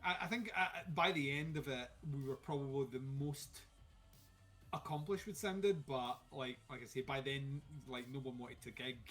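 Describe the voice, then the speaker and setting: A man's voice: medium pitch, moderate pace, a bit bright, soft background music. A Scottish man co-hosting a livestream, talking casually in a wry, rambling way with lots of fillers. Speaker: podcast co-host. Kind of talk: casual chat.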